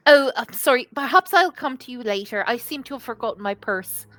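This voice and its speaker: A prim, apologetic young lady, voiced by a woman in a tabletop game. The voice sits fairly high and dry, with faint music behind it. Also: animated, brisk, bright, forceful tone, no room sound. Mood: polite.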